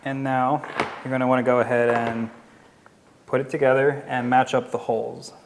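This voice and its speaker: A man with a Philadelphia accent giving a relaxed, step-by-step crafting tutorial while he works. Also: medium pitch, normal speed, in a large hall, a little hiss or hum. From Philadelphia area. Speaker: leathercraft instructor. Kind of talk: casual how-to tutorial.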